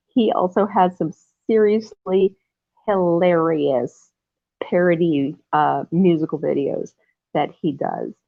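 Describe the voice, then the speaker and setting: A woman with a lowish voice hosts a casual livestream from home, rambling and effusive and often bursting into laughter. The audio has no echo but sounds tinny, like a phone.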